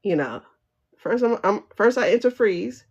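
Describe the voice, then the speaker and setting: A woman's voice: mid-range voice, animated, a little slow, breathy edge. A woman hosting a casual livestream chat, talking frankly and animatedly, with profanity and frequent laughter, reading viewer comments aloud and answering them. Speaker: livestream host. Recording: dull lo-fi livestream audio.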